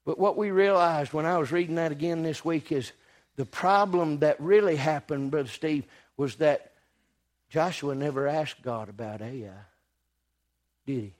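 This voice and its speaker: A male preacher, telling a folksy sermon story that jumps from quiet to loud. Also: on the high side, moderate pace.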